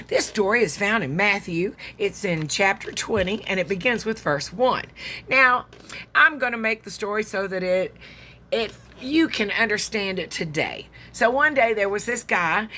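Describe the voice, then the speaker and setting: A woman's voice: medium pitch, pushed and bright. A woman, preaching a sermon as a folksy, conversational story and dropping to near-whispers for emphasis.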